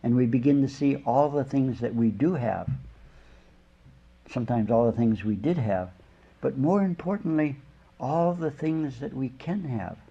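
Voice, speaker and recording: An older man teaches as a spiritual leader, rambling through a homely sermon full of stories and chuckled asides. His voice is gravelly and a little husky. The lecture recording sounds dull and lo-fi. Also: mid-range voice, a little slow, mellow. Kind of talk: informal sermon with storytelling.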